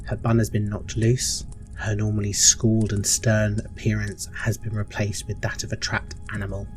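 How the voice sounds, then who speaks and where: A man's voice: on the low side, monotone, moderate pace, soft background music. A man narrating a tabletop game as game master, vivid and a little sweary.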